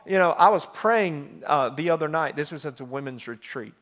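A middle-aged man preaching a sermon in a chatty style full of fillers, swinging between loud passages and hushed ones. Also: a little high, lively intonation, moderate pace.

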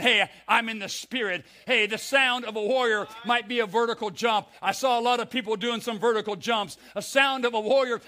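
An older man preaching a fiery sermon in a church, building up to shouts. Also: sits high. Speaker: pastor.

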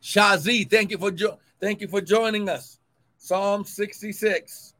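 A man preaching a livestreamed sermon as pastor and prophet, swinging between shouted cries of glory and quick, low asides to viewers. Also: steady tone.

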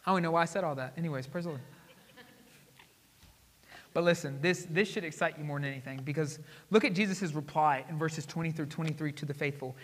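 Excitable guy preaching, high bright voice, lots of hall echo, goes loud then hushed. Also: quick pace. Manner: excitable, swings between loud exclamations and hushed asides. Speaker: pastor. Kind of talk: sermon. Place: church sanctuary. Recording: hall reverb.

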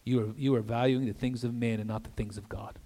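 An older man preaching an earnest sermon as a guest pastor in a church, with conversational asides and soft drops for emphasis. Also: medium pitch, steady tone, fast talker. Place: church sanctuary. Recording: long reverb of a church hall.

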